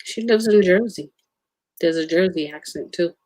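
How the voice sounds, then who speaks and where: A woman's voice: fairly low pitch, moderate pace, no echo. A woman chatting casually from off camera, commenting and laughing easily. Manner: relaxed commenting, easy laughter. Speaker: off-camera companion. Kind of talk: casual chat.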